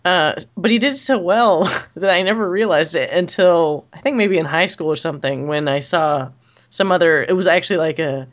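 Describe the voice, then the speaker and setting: A man's voice: a little high, moderate pace, a bit bright. A man co-hosting a podcast in casual chat, rambling and laughing often as he talks. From United States. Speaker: podcast co-host.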